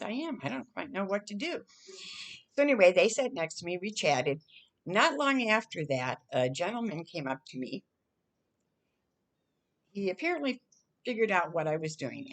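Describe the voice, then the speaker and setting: An older woman from the Chicago area telling a story from her past in a casual, chatty way, acting out her own quoted lines. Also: lowish voice. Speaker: storyteller vlogger.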